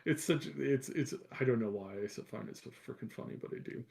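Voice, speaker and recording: A man co-hosting a gaming news livestream in casual chat, halting and repeating words as he searches for them. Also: medium pitch, gravelly, a little mellow. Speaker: co-host of a gaming news show. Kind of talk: casual live-stream chat.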